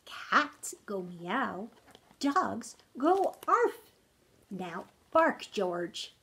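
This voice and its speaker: A woman voicing a dog's mother in a picture book, scolding slowly and with emphasis. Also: medium pitch, big pitch swings, pushed and bright, heavily acted. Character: stern dog mother, growing exasperated.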